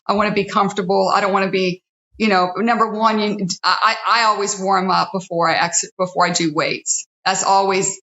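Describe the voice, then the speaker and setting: A fitness TV host, appearing as a guest, speaks earnestly in a casual interview and ticks off her points one by one. Her medium-pitched voice is brisk and sharp, with fairly even intonation. The sound is roomy and slightly dull.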